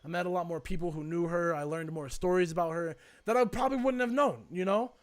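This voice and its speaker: A young man co-hosting a podcast talks in a high-sitting voice at a quick pace. His casual chat rambles reflectively and is packed with fillers.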